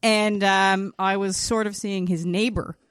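A woman's voice: medium pitch, steady tone, measured pace, background noise. A middle-aged woman chatting casually with friends and telling a story in a laid-back way, swearing freely. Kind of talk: casual chat.

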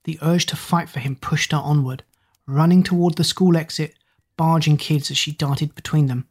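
Storyteller reading a kids' novel aloud, calm and measured. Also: mid-range voice, slightly rough. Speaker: narrator. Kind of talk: storybook narration.

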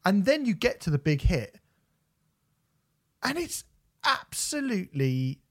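A man tearing into an album in casual podcast chat, swearing freely. His pitch swings widely as he rants. The delivery is loose and animated. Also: slow pace. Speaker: podcast co-host.

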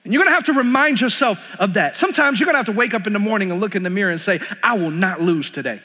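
A man's voice: sits high, expressive, rapid-fire, pushed and bright, husky. A young man with a Texan accent preaching a sermon as pastor, emphatic and repeating lines for stress. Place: church sanctuary. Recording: long reverb of a large hall.

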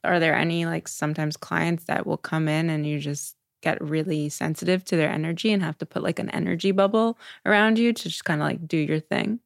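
A woman's voice: sits low, fairly even intonation, brisk, gravelly, few pauses, dry recording, studio quality. A young adult woman hosting a podcast, asking long, supportive questions. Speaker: podcast host.

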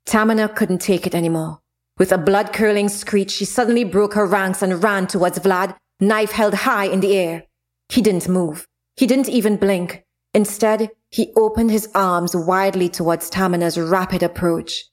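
A woman reading a fantasy novel chapter aloud in a steady, expressive way. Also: medium pitch, normal speed. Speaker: narrator. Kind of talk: audiobook narration of a fantasy novel.

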